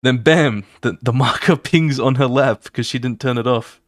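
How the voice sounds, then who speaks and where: Animated male streamer with a dry mic. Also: medium pitch, dry recording. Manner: animated, fast, swearing, sound effects. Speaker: artist streaming his drawing. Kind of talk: casual walkthrough of his comic pages.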